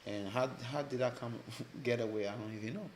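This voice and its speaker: A man from Liberia, a podcast guest telling his personal story in a halting way, often repeating words as he restarts. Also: medium pitch, darkish tone, a little hiss or hum.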